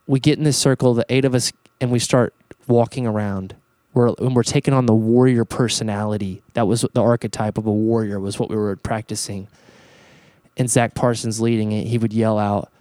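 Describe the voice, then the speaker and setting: Animated man telling stories on a podcast, dry sound. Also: on the low side, no echo. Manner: animated storyteller who swears and stammers on repeated words. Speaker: podcast host. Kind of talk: casual podcast conversation.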